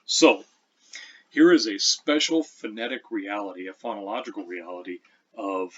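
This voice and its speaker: Male teacher, low voice, patient explainer, dull lo-fi recording. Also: breathy edge. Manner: explains patiently, reads verse slowly. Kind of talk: lecture with recitation.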